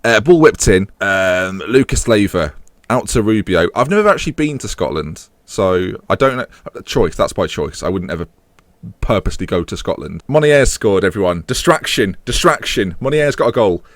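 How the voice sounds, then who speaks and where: Man, low-pitched but very animated, dry close recording; playful gaming host calling his own matches with offhand jokes. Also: moderate pace, no echo. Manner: jokey, rambling asides mixed with match commentary. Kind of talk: live commentary over his own football management game.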